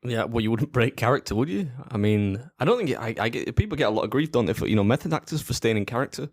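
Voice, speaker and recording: A man's voice: medium pitch, expressive, fast talker, no echo. A young man co-hosts a podcast in a loose, rambling way, swearing casually and breaking into laughter. His voice sits close and dry on the mic, with no room around it. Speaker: podcast co-host. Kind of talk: casual chat.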